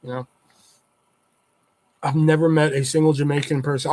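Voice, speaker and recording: A man telling casual stories on his livestream. He rambles and swears constantly in a voice that sits somewhat high for a man. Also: level tone, moderate pace, pauses often, a little mellow. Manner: rambling and heavily profane. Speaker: livestream host. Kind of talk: casual storytelling chat.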